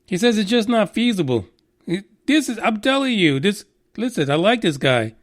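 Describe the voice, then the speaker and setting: A man with a high voice hosts a news podcast. He rants with blunt sarcasm and heavy swearing. His commentary is loose and mocking. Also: very animated, normal speed. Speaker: podcast host.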